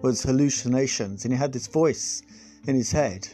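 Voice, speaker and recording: A man's voice: mid-range voice, normal speed, dark tone, faint music behind. A man hosting a podcast, delivering a sarcastic, sweary comic monologue on politics, full of rambling asides. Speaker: podcast host.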